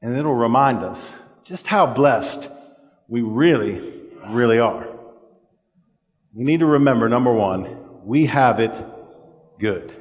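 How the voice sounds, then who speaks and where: A male preacher delivers a sermon in a church sanctuary, his mid-pitched voice trailing off into the long reverb of the room. He speaks earnestly with many small fillers and stumbles, and he slows right down to lean on the words that matter. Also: expressive. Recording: echoey church hall.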